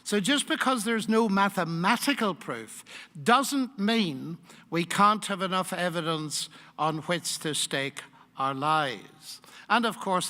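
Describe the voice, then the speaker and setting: A man's voice: a little high, sharp tone. Older man lecturing in an echoey hall. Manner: emphatic, measured, argumentative. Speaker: guest lecturer. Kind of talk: public lecture.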